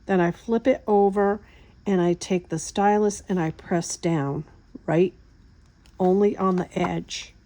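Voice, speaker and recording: Craft tutorial host, woman, unhurried chatty step-by-step delivery, mellow tone. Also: lowish voice. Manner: relaxed, chatty step-by-step explaining. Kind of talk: hands-on craft demonstration.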